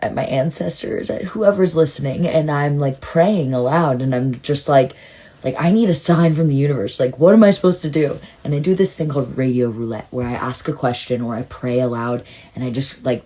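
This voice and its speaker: A woman with a low, husky voice tells a personal story in a casual monologue. She rambles and circles back, leaning on "like" as she goes. At times she leaps into a bright, excited retelling. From Southern California. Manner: rambling and emotional, heavy use of "like"; swings into excited, high-pitched retelling. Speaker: storytime vlogger.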